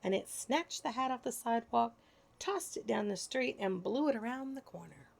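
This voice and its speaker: Expressive woman reading children's stories. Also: on the high side, normal speed, creaky. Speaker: storyteller. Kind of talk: children's storybook read-aloud.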